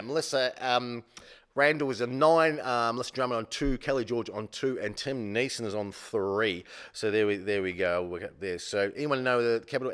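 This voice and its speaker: A man hosts a live quiz with a middling voice, wandering off track and joking at his own expense. He fills his pauses with plenty of ums and uhs. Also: medium pitch. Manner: rambling, self-deprecating, many fillers. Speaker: quiz show host. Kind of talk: live-streamed casual quiz hosting.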